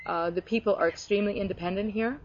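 A woman's voice: mid-range voice, steady tone, fast talker, a little hiss or hum. Earnest woman telling faith stories, lots of restarts, muffled lo-fi recording. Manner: earnest, storytelling, frequent restarts. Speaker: Christian speaker. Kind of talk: casual faith chat. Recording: dull lo-fi recording.

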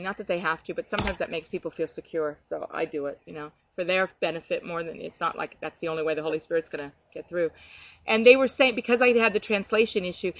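A woman telling heartfelt stories from her ministry in an animated, earnest way, often restarting her sentences. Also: mid-range voice, no echo, highs cut off. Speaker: guest sharing ministry stories. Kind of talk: earnest conversational testimony.

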